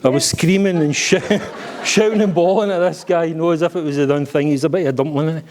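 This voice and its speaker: A man's voice: a little high, quick pace, darkish tone, a little hiss or hum. A middle-aged Scottish man giving a joking, blunt father-of-the-bride speech at a wedding reception, swearing freely.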